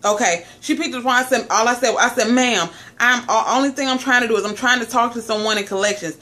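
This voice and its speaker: Quick-paced and sharp, in a slightly high voice, a woman in her late twenties vents to her viewers, whom she calls family, in an angry, profane vlog rant about her cable company.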